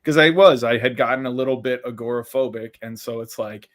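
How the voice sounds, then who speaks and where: A man co-hosting a podcast, telling stories in a relaxed, laughing way. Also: mid-range voice, fairly quick. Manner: laid-back, laughing storyteller. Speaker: podcast co-host. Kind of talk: casual chat.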